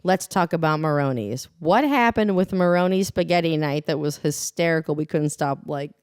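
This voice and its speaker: A woman's voice: sits low, normal speed, a little mellow, clear, resonant tone, no echo, studio quality. A young adult woman co-hosting a podcast, a blunt, rambling storyteller who laughs often in casual chat. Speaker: podcast co-host.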